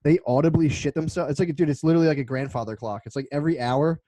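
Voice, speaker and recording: A man's voice: fairly high pitch, racing, mellow, no echo. A man co-hosting a podcast, telling rambling, profane stories in casual chat. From United States. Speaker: podcast co-host.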